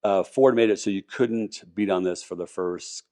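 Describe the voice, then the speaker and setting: Enthusiastic lower-voiced man telling car stories. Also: normal speed, mellow. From Colorado, US. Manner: enthusiastic, rambling with restarts. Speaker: podcast guest, car collector. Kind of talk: casual interview talk.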